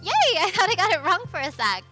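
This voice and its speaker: Una donna che fa una liceale allegra e squillante da videogioco. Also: female voice, extremely high pitch, big pitch swings, fairly quick, pushed and bright, soft background music, voice pushed up, heavily acted. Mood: bubbly. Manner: squealing, giggly. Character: bubbly cheerful high school girl.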